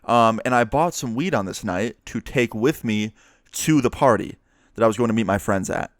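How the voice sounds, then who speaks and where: A man's voice: mid-range voice, animated, moderate pace, no echo, studio quality. Young man telling a story, chatty and profane. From New York area, USA. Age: young adult. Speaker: vlogger. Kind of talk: casual storytime monologue.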